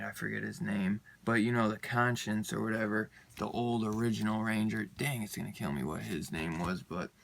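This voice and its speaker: A young man talks through a comic book review in a loose, rambling way, with his voice often dropping into a gravelly fry. The sound is dry and close, with no room around it. He fills his talk with "like" and "you know" and laughs often. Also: lowish voice, a bit bright, no echo. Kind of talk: casual spoken review.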